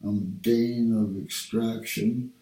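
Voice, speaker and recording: An older man from Canada drawls through a rambling, cursing monologue at a very slow pace. He sits well back from the mic, and the room around him rings. His talk drifts and wanders from thought to thought. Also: on the low side, steady tone, mellow. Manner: rambling, profane, drawn-out. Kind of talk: rambling personal video monologue. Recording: roomy sound, distant from the mic.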